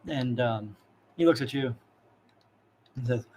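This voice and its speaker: A man running a tabletop game as game master, narrating in a relaxed, halting way. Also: medium pitch, a little hiss or hum.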